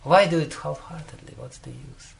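A man's voice: fairly high pitch, moderate pace, vocal fry. A man giving a devotional talk as a spiritual teacher, telling a story and often chuckling between phrases, with frequent "you know" fillers.

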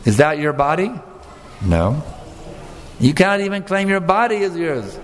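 A man's voice: fairly high pitch, very animated, a little slow, a little hiss or hum. A man giving an earnest devotional lecture, stressing points and putting questions to his listeners. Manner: earnest, emphatic, asks the audience questions. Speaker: spiritual teacher. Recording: long hall reverb, faint room ambience.

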